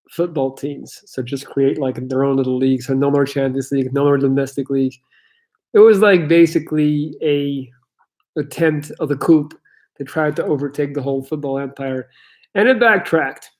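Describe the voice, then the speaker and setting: A man's voice: mid-range voice, steady tone, normal speed, a little mellow. A young man, a life coach, chatting loosely on a livestream Q&A, reading chat questions and swearing now and then.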